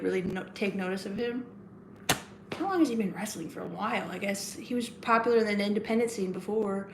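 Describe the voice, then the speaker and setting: A woman's voice: mid-range voice, slight background noise. Chatty rambling woman in a roomy space. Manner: rambling, chatty, many fillers and restarts. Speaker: livestream host. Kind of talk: casual chat with live chat.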